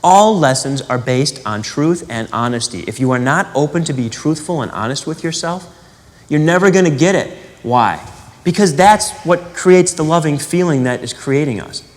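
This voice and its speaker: Animated man giving a spiritual teaching. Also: a little high, moderate pace, in a large hall. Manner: animated, conversational, asks rhetorical questions and acts out quotes.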